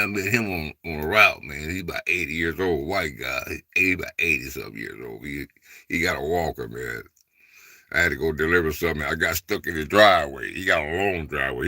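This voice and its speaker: Man, low gravelly voice, lively swings in pitch, casual rambling chat, dry close sound. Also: no room sound. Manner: rambling, loose, filler-heavy, repeats "man" and "you know"; informal dialect speech. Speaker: livestream host.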